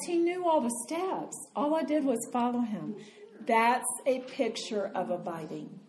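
An older woman giving a storytelling sermon as a Bible teacher, chatty and animated. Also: a little high. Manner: animated, chatty storyteller who laughs often. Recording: roomy hall sound with faint noise.

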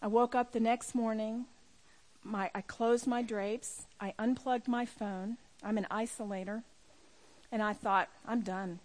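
A middle-aged woman with a high voice gives a personal testimony to an audience. She speaks as a women's ministry speaker, telling her story with emphasis and pushing her voice near a shout at the big moments. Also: fairly even intonation, a little slow. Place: room with a live audience.

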